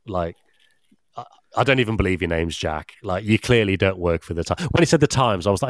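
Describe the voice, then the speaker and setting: A young man tells a story in loose, rambling podcast chat. His voice sits low, with a dry, close recording. He swears casually as he talks. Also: fast talker, no echo. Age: young adult. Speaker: podcast regular.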